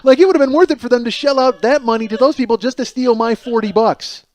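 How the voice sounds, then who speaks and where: A man with an extremely high, slightly mellow voice hosts a podcast at a quick pace. Alone, he tells a profane, self-mocking comic story, acting out the people in it.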